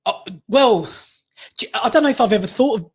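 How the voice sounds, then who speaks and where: This Armenian male comedian has a very high-pitched voice with a breathy edge, talking fairly quickly and with lively intonation. Guesting on a London studio interview, he shares funny stories, doing voices and laughing a lot.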